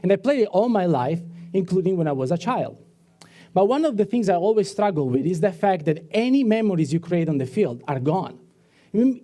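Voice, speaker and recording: A man with an Italian accent delivers a startup pitch in an animated, self-deprecating way. His voice sits high yet sounds mellow and soft-edged. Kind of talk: demo day pitch.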